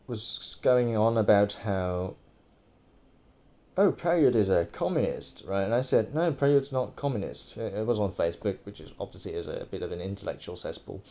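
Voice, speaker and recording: A man's voice: on the low side, mellow. A man from Thailand giving casual, profane, exasperated commentary full of fillers and restarts. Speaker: political commentator. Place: indoors over screen recording.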